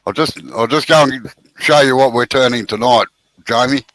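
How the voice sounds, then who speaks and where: A man's voice: mid-range voice, moderate pace, a bit bright, no room sound, poor audio. An Australian man hosting a live woodturning stream, chatting casually and teasing friends while explaining technique. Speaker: woodturning show host.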